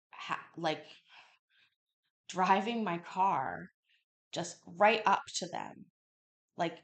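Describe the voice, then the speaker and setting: Female stream host, lowish voice, animated casual storyteller, swears a lot. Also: gravelly. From Canada. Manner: animated, swears freely, acts out quotes loudly. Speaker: livestream host. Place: home kitchen. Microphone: home livestream mic.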